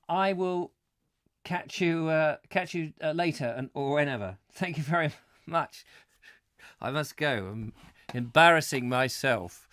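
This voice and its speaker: A man's voice: fairly high pitch, fairly bright tone. A man hosting a live stream from home, chatting casually and self-deprecatingly to his viewers.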